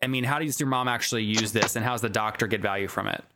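A man's voice: lowish voice, quick pace, bright, forceful tone. A man hosting an interview, asking direct questions. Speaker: podcast host.

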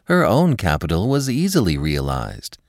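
A male audiobook narrator with a deep, low voice and a very lively pitch that rises and falls. He reads a classic story in a measured, expressive way. The recording is dry and close, with no room sound. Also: dry recording. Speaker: podcast narrator.

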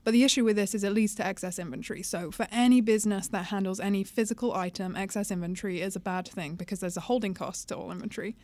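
Female British analyst, fast explanatory delivery. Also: mid-range voice, darkish tone, no echo. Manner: brisk, explanatory, good-humored. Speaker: podcast guest analyst. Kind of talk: casual podcast chat.

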